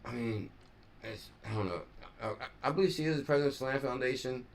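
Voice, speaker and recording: A man hosts a casual live stream and talks loosely off the cuff. He rambles, trails off mid-thought and doubles back to correct himself. His voice sits at an ordinary middle pitch. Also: fast talker, slight background noise. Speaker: crypto live stream host.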